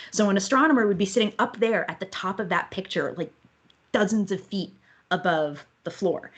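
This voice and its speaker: A woman astronomer and author, a guest in an online interview, telling lively stories from observing. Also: mid-range voice. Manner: lively anecdotal storytelling.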